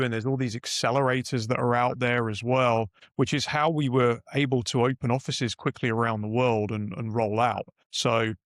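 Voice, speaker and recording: A middle-aged man with a British accent talks through his career in a loose, meandering way, often restarting his sentences. His voice sits at an ordinary pitch and is recorded dry and close, with no room around it. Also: no echo. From United Kingdom. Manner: rambling, self-correcting anecdotes. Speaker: podcast guest. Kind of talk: casual interview storytelling.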